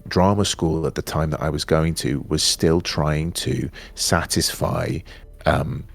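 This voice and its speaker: Deep gravelly-voiced Englishman with RP accent. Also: measured pace. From England. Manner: animated, candid, trails off and restarts. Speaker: interview guest, actor. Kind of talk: casual chat.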